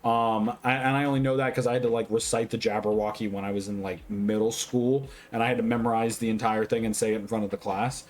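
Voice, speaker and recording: A tipsy man giving a casual movie review, rambling, swearing constantly and getting excitable. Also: lowish voice, quick pace, few pauses. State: tipsy, drinking.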